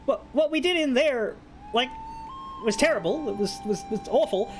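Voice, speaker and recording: A man's voice: sits high, expressive, normal speed, over music, voice pushed up. A man voicing a panicked young male strategist who stammers and curses in disbelief. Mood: horrified. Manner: stammering, cursing.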